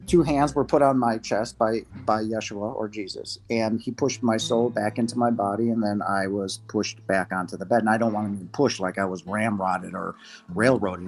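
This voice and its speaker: A man in his fifties, a podcast guest giving a halting, emotional personal testimony, his voice breaking at times. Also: on the low side. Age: 50s.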